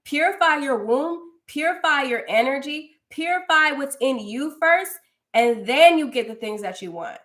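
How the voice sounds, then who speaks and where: A young woman with a high, fairly bright voice hosts a casual livestream at a normal speed, sounding animated as she reads comments and gushes to viewers, calling them "girl." She is a livestream host and spiritual coach.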